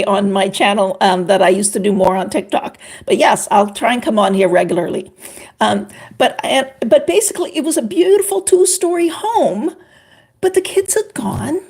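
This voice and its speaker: An older woman from Canada, a former couples therapist, chatting on a livestream in an animated way and greeting viewers by name. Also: high-pitched. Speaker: relationship expert on a livestream. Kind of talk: casual livestream chat.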